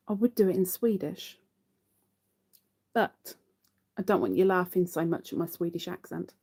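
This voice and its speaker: A woman's voice: fairly low pitch, moderate pace, pauses often, dark tone, breathy edge. A woman hosting a live crochet stream, chatting casually to viewers while she counts her stitches.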